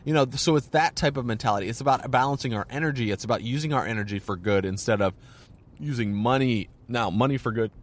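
A man's voice: mid-range voice, fast. A man in his thirties hosting a casual solo podcast, rambling with lots of "like" and restarts. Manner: rambling, filler-heavy, many restarts. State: hiccups. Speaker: podcast host.

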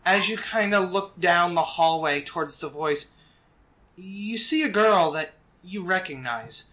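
Bright, crisp voice running an rpg scene, chill and descriptive. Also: medium pitch, a little slow. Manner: relaxed, descriptive, fillers like kinda. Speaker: game master. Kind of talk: improvised game narration.

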